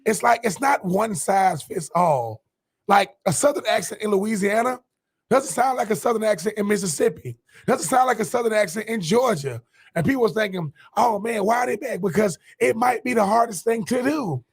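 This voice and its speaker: A man's voice: high voice, normal speed, creaky, slightly rough. A man co-hosting a sports radio show who tells stories with animation and slips into impressions. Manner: animated storyteller, does impressions. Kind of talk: casual sports talk.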